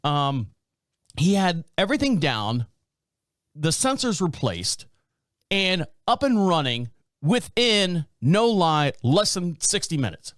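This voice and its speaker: A man in his fifties hosting a casual chat show, telling stories in an animated way, swearing and laughing often. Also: on the high side, slow pace, dry recording, studio quality. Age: 50s. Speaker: podcast host.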